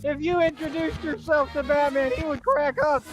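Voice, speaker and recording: A man's voice: very high-pitched, steady tone, moderate pace, music in the background, low-quality recording. A man calling himself a real-life superhero, laughing hard, boasting and taunting in streetwise slang. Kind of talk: livestream rant.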